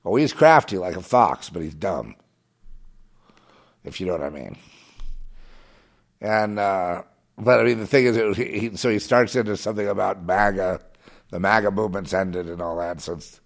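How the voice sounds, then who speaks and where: A man delivering a rambling political monologue, halting and restarting, swinging from muttering to agitated outbursts. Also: sits low, gravelly. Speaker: commentator.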